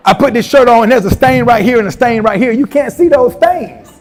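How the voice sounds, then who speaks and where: A middle-aged man giving a motivational, humorous speech to teachers, animated and telling stories with acted-out voices. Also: very high-pitched, fairly quick, hardly any pauses. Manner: animated storyteller, humorous asides, acts out quoted voices. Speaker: keynote speaker at educators' institute day.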